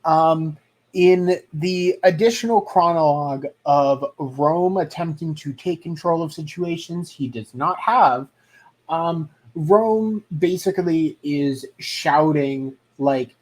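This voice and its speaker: Slow, dry-humored podcast co-host. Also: mid-range voice, a little mellow. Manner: dry, sarcastic, swears casually. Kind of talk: casual recap chat.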